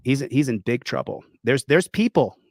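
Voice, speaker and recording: A man's voice: medium pitch, lively intonation, normal speed, dry recording. A man ranting indignantly on a stream, accusing and threatening someone. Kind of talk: angry live-stream rant.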